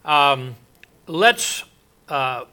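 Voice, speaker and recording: Guy preaching slow and halting, lots of ums, bright clear tone. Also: on the high side, animated. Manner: slow, halting, many fillers. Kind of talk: sermon.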